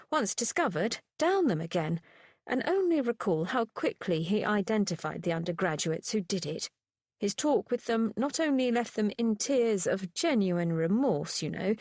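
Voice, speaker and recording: Expressive woman narrating an audiobook. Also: mid-range voice, no echo. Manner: expressive, voices the characters. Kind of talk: scripted narration.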